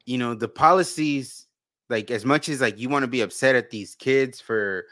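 A man's voice: mid-range voice, normal speed, sharp tone, dry recording. A man co-hosting a podcast, talking casually and rambling with many restarts and repeated words. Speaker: podcast co-host. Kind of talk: casual conversation.

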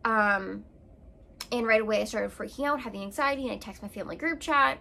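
A woman with a slightly high voice chats to her camera about something that shook her. She rambles emotionally and keeps circling back with fillers and restarts. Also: a little fast, creaky, sharp tone. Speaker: vlogger. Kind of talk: casual storytelling to camera.

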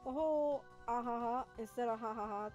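A young woman streaming a game, chatting casually with viewers, giggly and excitable. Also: a little high, brisk, highs cut off, music in the background. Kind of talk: casual gaming stream chat.

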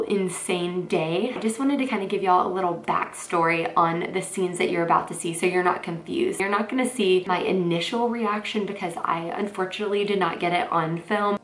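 A woman, talking excitedly to camera in a casual vlog, full of fillers. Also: on the low side. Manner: excitable, chatty, filler-heavy. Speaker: vlogger. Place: parked car. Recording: roomy echo with faint noise.

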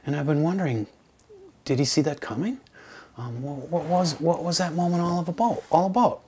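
A male composition instructor tells his students a personal story in an informal recorded lesson. He talks conversationally and acts out the lines other people said. In the sad stretches his voice drops low and hushed. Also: fairly quick, slight background noise. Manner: conversational, acts out quoted dialogue with voice shifts.

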